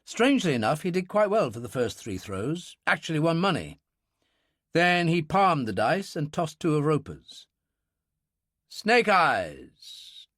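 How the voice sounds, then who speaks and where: A man narrating a thriller audiobook in a brisk, expressive storytelling manner. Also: on the high side, no echo, clean studio sound.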